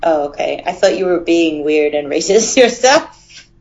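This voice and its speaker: A woman's voice: low voice, expressive, a little slow, darkish tone, a little hiss or hum. A woman co-hosting a casual chat, playful and teasing, with dramatic reactions. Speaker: podcast co-host. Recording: dull lo-fi sound.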